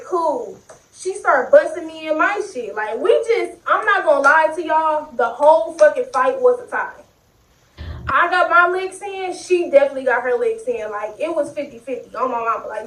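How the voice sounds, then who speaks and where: Young woman, high voice, animated slangy storytelling, echoey room, slightly off-mic. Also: recorded from a distance. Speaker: vlogger. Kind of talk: casual storytime.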